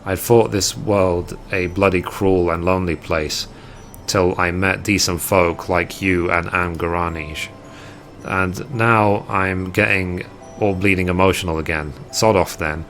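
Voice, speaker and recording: A man reading aloud the lines of a gruff, rough-spoken man who hands out quests in a game, in a plain, blunt delivery. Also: deep voice, steady tone, unhurried, a bit bright, faint music behind.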